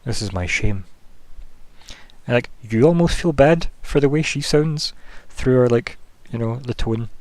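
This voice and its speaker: A man's voice: medium pitch, normal speed, hardly any pauses, darkish tone, no room sound. Rambling man narrating as game master. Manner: rambling, loose, full of fillers like "kinda" and "like".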